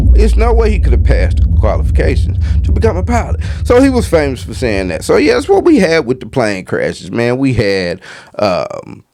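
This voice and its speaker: A man's voice: medium pitch, vocal fry, a little mellow. A man hosting a casual commentary monologue, rambling and conversational with plenty of asides. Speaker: commentary channel host.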